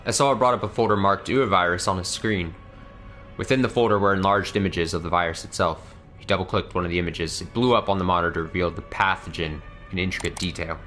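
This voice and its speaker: A man's voice: low-pitched, fairly even intonation, fast, a bit bright, faint music behind. A man hosting a let's play, rambling casually and reading the game's story text aloud. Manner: rambling, self-deprecating, swears casually.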